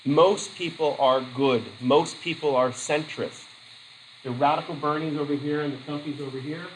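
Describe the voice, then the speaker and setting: A man teaching a class, telling chatty stories with asides and quick laughs. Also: a little high, fairly even intonation, roomy sound, a little hiss or hum, low-quality recording. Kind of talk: classroom lecture with anecdotes.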